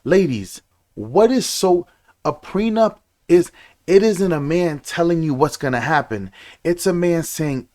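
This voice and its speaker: A man's voice: on the high side, expressive, a little slow, darkish tone. A man ranting to camera about marriage, frustrated, preachy and repeating himself. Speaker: commentator. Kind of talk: reaction rant to camera.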